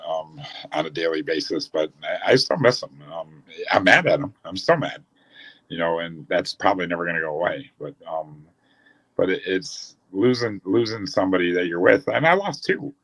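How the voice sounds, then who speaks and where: A deep-voiced man recalls his years running a racetrack. He talks in a loose, rambling way, doubling back on his words as he shares stories in a relaxed chat. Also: moderate pace, poor audio. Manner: rambling, with restarts. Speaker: former speedway owner. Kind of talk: storytelling in a casual chat.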